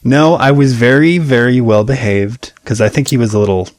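A man co-hosting a podcast, talking in a low-key, self-mocking casual chat. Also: moderate pace, a little mellow, no echo, studio quality. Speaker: podcast co-host.

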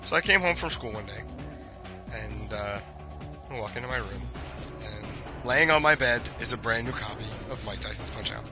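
A young man in a casual chat, telling a childhood story in a relaxed way. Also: fairly low pitch, normal speed, over music. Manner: relaxed, builds to excited shouts.

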